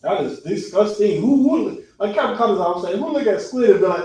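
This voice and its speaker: A man teaching a religious class in a classroom, animated and acting out people's reactions with mock voices. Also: high voice, fairly quick. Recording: echoey room, far from the mic.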